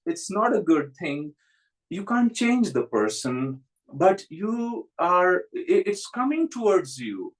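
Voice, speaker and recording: A man's voice: on the high side, rough recording. A man who is a spiritual teacher, giving a reflective spiritual talk and telling stories with frequent chuckles.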